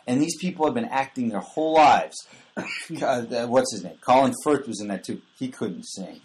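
A man's voice: mid-range voice, lively intonation, moderate pace, a little mellow. A man giving strong opinions in a casual podcast chat, emphatic and repetitive. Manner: emphatic, opinionated, repeats points. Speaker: podcast panelist.

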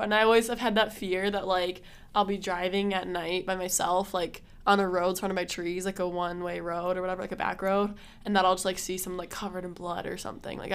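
A woman's voice: lowish voice, creaky. A woman co-hosting a podcast in casual, chatty talk peppered with filler words. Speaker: podcast co-host. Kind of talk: casual chat.

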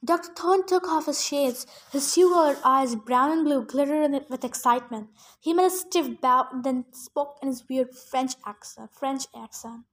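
A woman's voice: sits high, moderate pace. A woman reading a novel aloud in plain narration, now and then stopping for chatty asides about her own misreadings. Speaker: reader.

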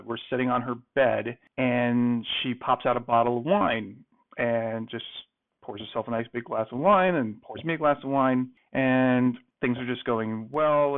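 A man spins a casual, animated story, jumping into quoted voices as he goes. His sound is thin and phone-like, as if he is calling in remotely. His pitch sits in an ordinary middle range. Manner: animated, acts out both sides of the story. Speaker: guest telling a dating story. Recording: phone-like remote call audio.

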